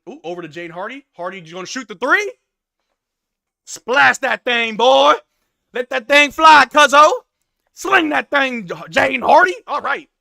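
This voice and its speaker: A man hosting a live watch-along stream, calling plays and reacting loudly with hype shouts on big moments. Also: high-pitched, no room sound, clean studio sound. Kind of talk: excited live game commentary.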